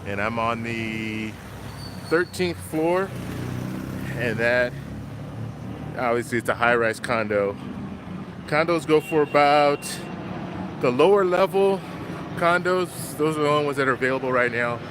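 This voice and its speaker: A man's voice: mid-range voice, normal speed, pauses often, background noise. A man hosting a walking live stream, chatting and greeting viewers by name, a little out of breath. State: slightly out of breath. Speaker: travel vlogger. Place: outdoors on city streets.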